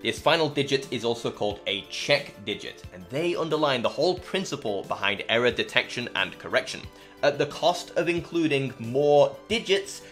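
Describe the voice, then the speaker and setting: A man walks through a math lesson in clear, methodical narration, dropping in a few dry jokes along the way. His voice sits at an ordinary middle pitch. Soft music plays quietly underneath. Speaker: math educator and channel host. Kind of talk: scripted explanatory narration.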